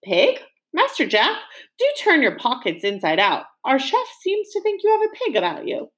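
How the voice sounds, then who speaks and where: A woman's voice: sits high, wildly swooping pitch, normal speed, a bit bright, voice pushed up, heavily acted. A woman voicing a proper, unflappable grown man, a butler, with a polite and formal way of talking.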